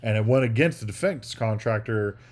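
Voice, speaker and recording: A podcast co-host with a lowish, darkish voice chats easily and a little fast, rambling through his thoughts and occasionally acting out the scenes he describes.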